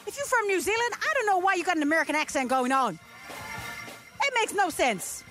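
Brief: high, animated woman, radio co-host, emphatic mock-preacher scolding, faint music. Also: brisk. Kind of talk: joking mock-sermon banter. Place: radio studio.

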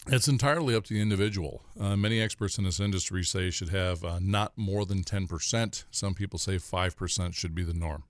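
Folksy deep-voiced man on call-in radio. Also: fairly quick, hardly any pauses, no echo. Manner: folksy, rambling, frequent fillers. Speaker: financial advisor radio guest. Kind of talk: casual call-in radio chat.

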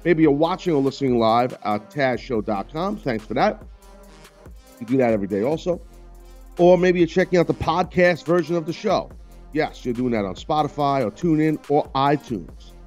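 A man's voice: fairly high pitch, lively intonation, normal speed, a little mellow, faint music behind. A man hosting a radio talk show, chatting loosely and teasing his co-hosts. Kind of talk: casual on-air banter.

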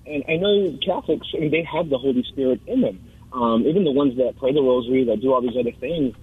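Husky young man on a phone line. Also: medium pitch, fast. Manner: hesitant, peppered with um and like. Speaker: caller. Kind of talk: call-in radio conversation.

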